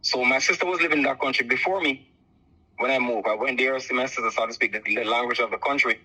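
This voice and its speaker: A man's voice: mid-range voice, quick pace, sharp tone, slightly rough. A Jamaican man calling in over the phone to tell a long personal story, rambling and repeating "so forth like that.". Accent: Jamaican, softened by years abroad. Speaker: caller. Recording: muffled phone line.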